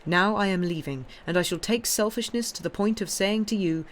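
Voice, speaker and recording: A woman voicing a grand, worldly male count in an audiobook reading, speaking in a measured, reassuring way. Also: mid-range voice, slight background noise, voice pushed up, close to an everyday voice. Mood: earnest.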